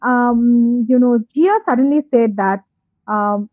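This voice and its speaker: Brief: woman lecturer, high voice, tinny phone-line webinar audio. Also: slow, no room sound. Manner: conversational, many fillers and repeated phrases. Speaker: college English lecturer. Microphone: online call audio.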